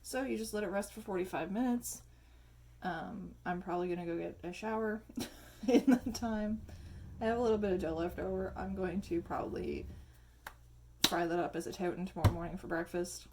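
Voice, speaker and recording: Woman talking thru her baking on a phone cam, mellow tone, chatty, lots of um and like. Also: on the low side, brisk, slight background noise. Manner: chatty, rambling, laughs often, many fillers. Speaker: home cooking vlogger. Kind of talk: casual cooking demo. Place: home kitchen. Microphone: phone camera.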